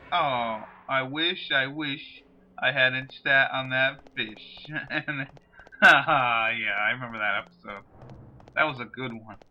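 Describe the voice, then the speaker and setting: A man's voice: medium pitch, sharp tone, muffled recording, a little hiss or hum. A man hosting a gameplay video in casual commentary, rambling and drifting off topic. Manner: rambling, digressive, chatty. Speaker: let's play host.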